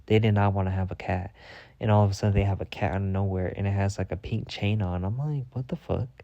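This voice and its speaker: A man hosting a podcast, telling a casual story full of swearing, jumping to a high voice when he quotes himself. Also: fast talker, no echo, lo-fi sound. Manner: profane, animated, jumps to a high voice when quoting himself. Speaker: podcast host.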